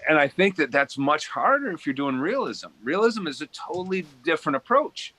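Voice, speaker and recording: A man's voice: on the high side, big pitch swings, a little fast, bright, forceful tone. A man, a tattoo artist, explaining his working method step by step in a casual chat.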